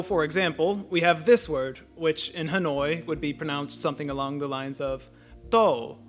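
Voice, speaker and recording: A man narrating a scripted language lesson in a calm, methodical, explanatory way. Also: fairly high pitch. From United States. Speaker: language teacher.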